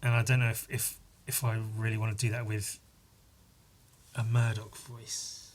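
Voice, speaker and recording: A man's voice: fairly low pitch, flat delivery, moderate pace, a little hiss or hum. A man hosting a solo podcast, rambling and self-mocking and swearing freely. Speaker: podcast host. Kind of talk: casual solo podcast chat.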